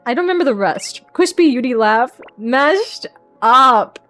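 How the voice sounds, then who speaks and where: A young woman VTuber chatting live to her viewers from home on a desk microphone. She is excitable, swears freely and laughs a lot. Her voice sits a little high and jumps up and down a lot, with faint music playing behind her. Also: unhurried. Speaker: VTuber streamer. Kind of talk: casual live-stream chat.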